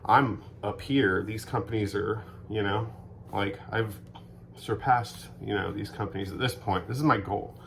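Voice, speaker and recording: A man in a rambling, deadpan comedic monologue, sarcastic and profane, acting out both sides of made-up conversations. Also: fairly low pitch, unhurried, creaky, slight background noise. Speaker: vlogger.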